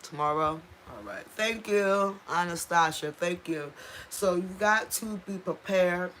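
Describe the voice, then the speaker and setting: A woman's voice: fairly low pitch, a little slow, fairly bright tone, a little hiss or hum. Impassioned woman talking on a live stream. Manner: raw, impassioned, repeats for emphasis, thanks viewers in chat. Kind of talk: emotional casual live-stream talk.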